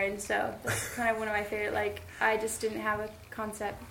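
A woman telling stories as an interview guest, chatty and animated, with many fillers. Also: mid-range voice, a little fast, gravelly, hardly any pauses, a little hiss or hum. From United States. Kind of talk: conversational storytelling. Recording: echoey room.

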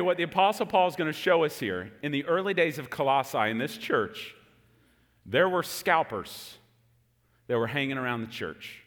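Bright-voiced male pastor in a big reverberant hall. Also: a little high, moderate pace, pauses often. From Texas. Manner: animated storytelling with jokes to the room. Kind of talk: sermon. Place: large hall with an audience.

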